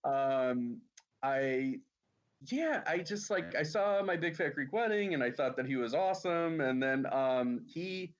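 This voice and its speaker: A male podcast guest chats in a laid-back way, rambling and filling his talk with "like." His voice is on the high side with lively intonation and a slightly slow pace, and the sound is lo-fi.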